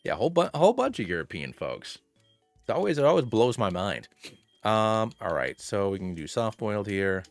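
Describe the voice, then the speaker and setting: A man streaming a game live, rambling through his moves and excitedly thanking viewers by name. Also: fairly low pitch, brisk, dry recording, soft background music. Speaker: streamer playing a fusion monster game. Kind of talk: casual live-stream chat and game commentary.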